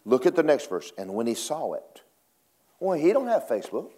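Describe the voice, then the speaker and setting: A male preacher delivering a sermon, swinging from low murmurs to high, dramatic acted cries. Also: huge pitch swings, normal speed, warm tone.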